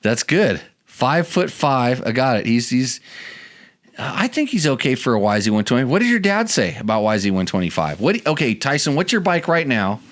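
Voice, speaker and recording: A man's voice: mid-range voice, big pitch swings, normal speed, a bit bright. A man hosting a casual podcast chat, rambling and restarting his sentences as he goes. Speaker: podcast host.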